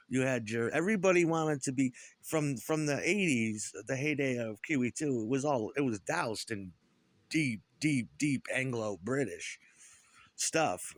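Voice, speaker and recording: With a mid-range voice and no echo in the recording, a middle-aged man from upstate New York, once a punk musician, talks by himself. It's a rambling, profane, resentful rant that keeps restarting.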